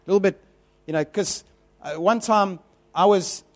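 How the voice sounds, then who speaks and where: A man's voice: high voice, moderate pace. A man preaching a sermon in a conversational, repetitive way, telling personal stories with animation.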